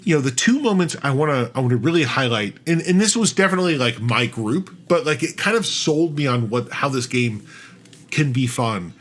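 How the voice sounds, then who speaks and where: Rambling, animated male podcast host. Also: mid-range voice, fairly quick. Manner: rambling, animated, many restarts and fillers. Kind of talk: casual storytelling chat.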